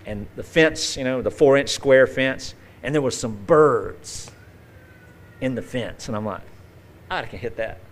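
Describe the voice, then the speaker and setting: A male pastor preaching a conversational sermon, telling folksy stories with vivid acted-out asides. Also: medium pitch.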